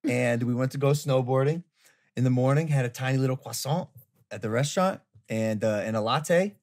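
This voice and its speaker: A young man hosting a podcast, telling a story in a casual, animated way with some swearing. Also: mid-range voice, brisk. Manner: animated, swearing, retelling a rough night. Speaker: podcast host.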